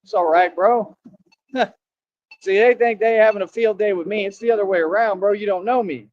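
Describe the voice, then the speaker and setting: A man's voice: high-pitched, normal speed, dry recording, lo-fi sound. A man vlogging outdoors, boasting and confronting his viewers in slang-heavy street talk.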